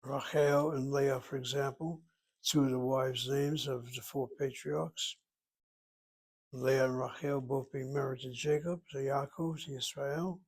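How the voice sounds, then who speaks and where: Gravelly man teaching Hebrew out loud. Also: mid-range voice, steady tone, unhurried. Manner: thinking aloud, rhetorical questions, spells words out. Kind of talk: self-study lesson, reading from a textbook.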